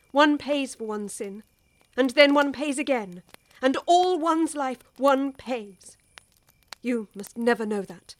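An actress with an English accent playing a worldly older woman who urgently pleads with a young wife, in a radio drama. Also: sits high.

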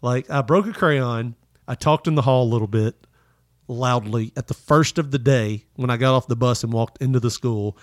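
A man telling childhood stories in casual chat, animated and profane, putting on voices for the people in them. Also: mid-range voice, normal speed, no room sound, studio quality.

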